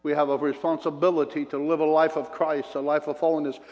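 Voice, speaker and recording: Male preacher, a touch high-pitched, storytelling and chuckling through the sermon; long reverb of a big hall. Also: little pitch movement, quick pace, darkish tone, highs cut off. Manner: storytelling, chuckles between points, acts out quotes. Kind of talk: sermon with personal stories.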